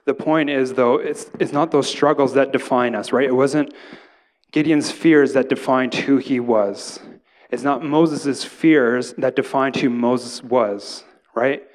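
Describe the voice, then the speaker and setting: A man's voice: mid-range voice, steady tone, takes it slowly. Man preaching a casual sermon. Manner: casual, conversational preaching with frequent "right?" asides. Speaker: pastor.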